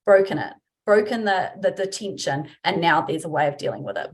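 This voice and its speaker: This woman speaks at a fairly low pitch and a little fast. She's a workplace trainer giving a webinar presentation, keeping it chatty and informal while acting out example phrases.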